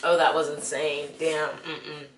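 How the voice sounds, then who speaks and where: A young woman, casually ranting about a movie she saw and talking straight to the viewer in an animated, exasperated way. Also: low-pitched, unhurried, echoey room, slight background noise. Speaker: vlogger. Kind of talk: casual movie review rant.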